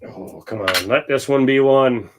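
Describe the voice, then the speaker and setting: A man's voice: mid-range voice, unhurried, background noise. Blunt, joking male livestream host. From Ohio, USA. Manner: blunt, joking and crude in banter. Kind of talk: casual livestream chat while coin roll hunting.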